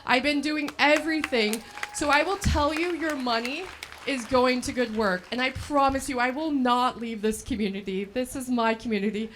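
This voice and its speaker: A woman's voice: high voice, moderate pace, a bit bright, a little hiss or hum. A woman in her thirties from El Dorado County, telling her own story in a chatty, laughing way as a scholarship recipient speaking at a fundraiser. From El Dorado County, California. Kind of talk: speech at a fundraiser event. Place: event at a brewery.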